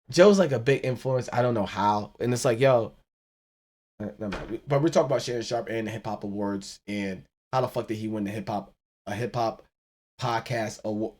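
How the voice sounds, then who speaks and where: A man hosting his own podcast, going off in an animated, profane rant. He laughs often as he talks, and his voice sits at an ordinary middle pitch. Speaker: podcast host.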